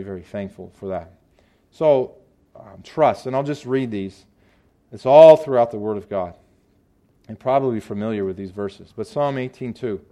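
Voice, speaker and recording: A man's voice: medium pitch, warm tone. A man preaching a sermon in an earnest, emphatic way, repeating phrases as he builds each point. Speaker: pastor.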